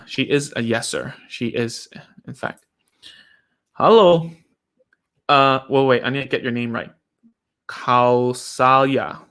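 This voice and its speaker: A man hosts a live session, giving casual advice as a speech therapist. His pitch is mid-range for a man. He talks in a chatty way, leaning on fillers and tag questions. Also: a bit bright. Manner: chatty, uses many fillers like "like" and "right?". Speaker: speech therapist host answering viewer questions.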